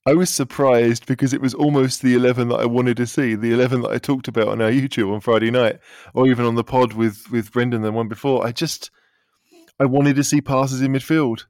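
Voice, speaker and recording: A man on a casual football podcast panel, thinking out loud with frequent restarts. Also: medium pitch, steady tone, brisk, dry recording, clean studio sound. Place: Vienna.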